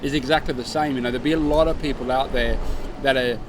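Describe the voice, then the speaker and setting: Guy hosting a chat show, mid pitch, easygoing and rambly, faint traffic behind. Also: fast. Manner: relaxed, rambling with fillers and restarts. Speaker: podcast host. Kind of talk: casual interview chat.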